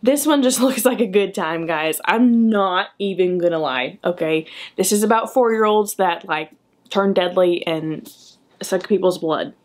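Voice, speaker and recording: A young woman chatting enthusiastically in a book vlog, often tagging her remarks with a quick "okay?". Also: medium pitch. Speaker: book vlogger. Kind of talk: casual chat.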